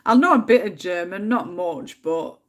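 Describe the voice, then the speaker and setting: A woman's voice: fairly low pitch, lively intonation, normal speed. An English woman hosting a casual colouring livestream from home, chatting, laughing often and muttering to herself as she picks colours, with a bit of a cold. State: has a cold. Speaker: livestream host.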